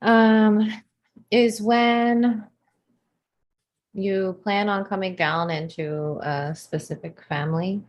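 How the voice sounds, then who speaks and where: A woman co-hosting a live online show, explaining ideas in an earnest, thoughtful way. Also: deep voice. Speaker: co-host. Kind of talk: casual livestream chat.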